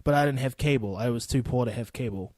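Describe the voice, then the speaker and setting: A man's voice: mid-range voice, quick pace, a little mellow, no echo. A young man in his twenties with a New Zealand accent, hosting a casual solo podcast in a loose, profane, rambling way. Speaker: podcast host.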